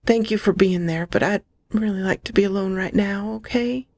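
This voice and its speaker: A woman voicing a frightened young woman who speaks softly and haltingly, pleading to be left alone. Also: medium pitch, no room sound, pitched above the performer's own voice, natural voice.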